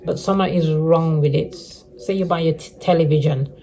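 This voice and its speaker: A woman's voice: sits low, fairly even intonation, moderate pace, dark tone. A middle-aged woman vlogging a casual update to her viewers, rambling and repeating herself, with many restarts. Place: living rough on the streets.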